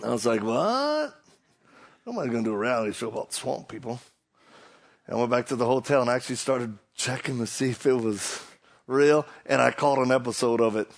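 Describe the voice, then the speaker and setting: A middle-aged man with a thick Louisiana Cajun accent preaches a sermon, his voice gravelly with fry. He talks in a folksy storytelling way, stumbling and restarting his sentences. His pitch sits in the middle for a man. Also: steady tone, quick pace. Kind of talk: sermon with humor.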